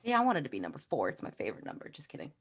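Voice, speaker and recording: A woman with a low voice that swoops wildly up and down as she chats. She giggles and exclaims her way through a tabletop game with friends. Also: wildly swooping pitch, very fast, slightly rough. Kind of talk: casual chat while playing a tabletop game.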